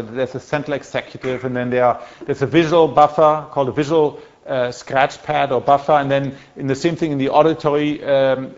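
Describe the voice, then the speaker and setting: A man's voice: medium pitch, lo-fi sound. A man giving a university lecture in a conversational way, with many restarts and fillers as he corrects himself. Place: lecture hall.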